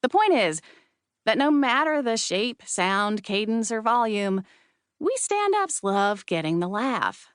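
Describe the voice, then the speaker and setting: A woman giving a wry, lively first-person audiobook narration with comic timing, recorded close in a studio. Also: a little high, takes it slowly, clear, resonant tone, no echo.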